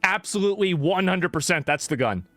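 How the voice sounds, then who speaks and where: A man's voice: high-pitched, lively intonation, brisk, pushed and bright. A man on his own stream in a clip, talking in a hesitant, rambling way as he reacts to video. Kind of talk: casual reaction commentary.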